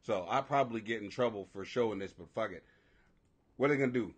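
A man in his forties hosting a live stream, ranting loudly and profanely, laughing as he reacts. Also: on the low side, fast talker. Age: 40s. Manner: profane, loud, laughing, animated. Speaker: livestream host. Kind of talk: casual ranting commentary.

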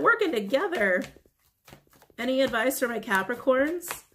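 A woman talking through a casual tarot reading, her voice sitting at an ordinary middle pitch. She speaks with open emotion, repeats phrases to drive them home and drops in the odd casual swear word. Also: normal speed, slight background noise. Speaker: tarot reader.

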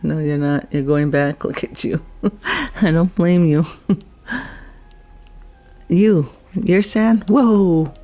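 A woman's voice: mid-range voice, mellow. A woman giving casual commentary while playing a video game, chatty and giggly, talking to the creatures on screen. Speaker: gameplay vlogger.

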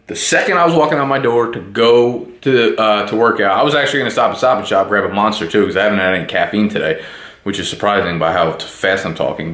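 A man's voice: fairly low pitch, a bit bright. A young man in his twenties talking casually to a handheld camera for his vlog, loose and chatty, swearing offhand. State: out of breath after a workout. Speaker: vlogger. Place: gym and home, indoors.

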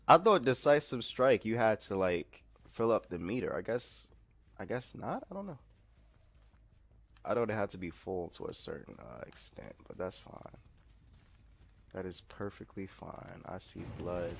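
A young man casually commenting on his own gameplay, joking and trash talking the other players with sudden bursts of excitement. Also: lowish voice, vocal fry. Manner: animated, jokey trash talk to opponents, bursts of excitement. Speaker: gaming streamer.

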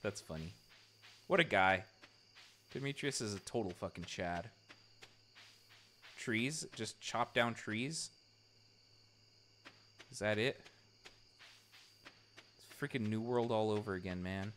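A male streamer chatting casually with his viewers while playing, excitable and swearing freely as he reacts to the game. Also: on the low side, slow pace, long pauses, a little hiss or hum. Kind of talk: casual live gameplay chat.

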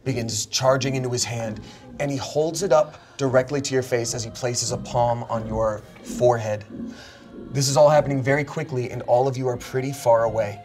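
A man running a tabletop game as game master, telling the scene with lively storytelling that drops to a hush in tense moments. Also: medium pitch, a little fast, faint music behind. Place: studio.

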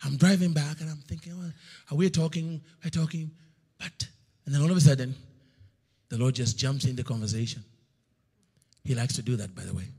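A middle-aged male preacher telling a story in a sermon, swinging between loud slow outbursts and hushed near-whispers. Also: mid-range voice, creaky, husky. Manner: storytelling, acts out God's voice in loud slow bursts.

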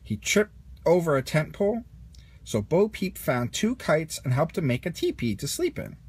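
A man reading a children's storybook aloud as narrator, expressive. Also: fairly high pitch, normal speed, slightly rough. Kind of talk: storybook read-along.

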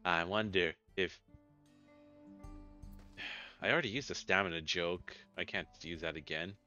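A man's voice: sits low, a little slow, bright, forceful tone. A man hosting a casual game playthrough, joking, rambling and swearing as he plays. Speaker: let's play host. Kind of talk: casual gameplay commentary. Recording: dull lo-fi recording with game music.

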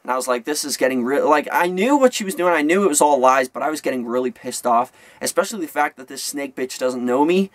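A man's voice: mid-range voice, expressive, fast talker, hardly any pauses, dry recording. A young man telling a story to camera in a vlog, rambling with many fillers and restarts. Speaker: vlogger.

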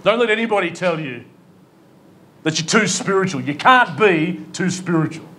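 A man's voice: high-pitched, lively intonation, moderate pace, bright, forceful tone, a little hiss or hum. A man with an Australian accent, a pastor preaching a sermon in an emphatic, pleading way, with rhetorical questions and humor. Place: church hall.

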